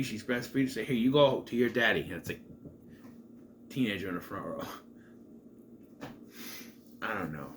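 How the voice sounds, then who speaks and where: A man casually reviewing a comedy movie on his own, animated and laughing at the jokes, jumping into high voices to mimic lines. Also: a little hiss or hum.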